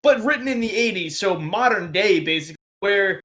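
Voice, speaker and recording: A man's voice: high voice, animated, a little fast, fairly bright tone. A man co-hosting a podcast, casually rambling through a story with fillers. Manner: rambling, summarizing a book. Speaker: podcast co-host. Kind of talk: casual chat.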